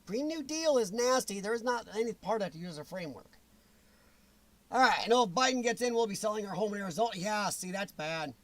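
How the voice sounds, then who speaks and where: Blunt, high-voiced man ranting. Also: lively intonation, fast. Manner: blunt, ranting, reacts to viewer comments. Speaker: show host reading chat. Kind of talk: opinionated livestream talk.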